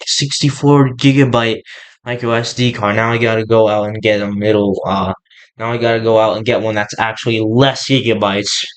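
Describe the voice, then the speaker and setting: A man's voice: mid-range voice, low-quality recording. A young man rambling casually in a gaming vlog, restarting his sentences often. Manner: rambling, many restarts and filler words. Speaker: gaming vlogger.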